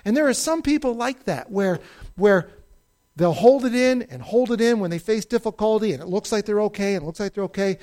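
A Bible teacher telling stories to a class in an expressive way, swinging between loud outbursts and hushed moments and calling on people to read. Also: mid-range voice, brisk. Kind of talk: animated Bible story lesson.

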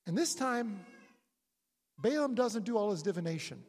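A preacher retelling a scripture story in a sermon, animated and storytelling, sometimes acting out the characters' lines. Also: mid-range voice, normal speed, slightly rough, in a large hall.

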